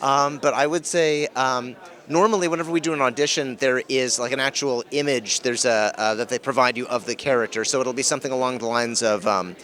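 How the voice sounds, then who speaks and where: A man giving a casual convention interview as a voice-actor guest, energetic and quick with jokes. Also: mid-range voice. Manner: energetic, jokey, quick quips.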